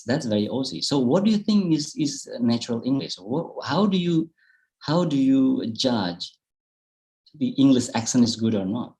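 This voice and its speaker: A man from Bali with an Indonesian accent, answering audience questions in a relaxed, modest way during an online talk. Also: medium pitch. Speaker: guest speaker. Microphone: video call.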